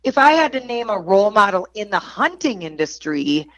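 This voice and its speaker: A middle-aged woman with a clear Wisconsin accent, a guest on a podcast chatting casually. She tells stories animatedly and laughs easily, at a middle pitch. Her voice sits dry and close. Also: normal speed, no echo, rough recording. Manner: animated storyteller, laughs often. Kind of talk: casual chat.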